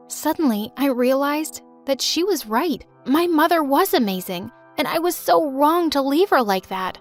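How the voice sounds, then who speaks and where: A young woman with a high, bright-pitched voice narrates a dramatic animated story in the first person. Her delivery is emotive and lively, with faint music playing behind her. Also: moderate pace, few pauses.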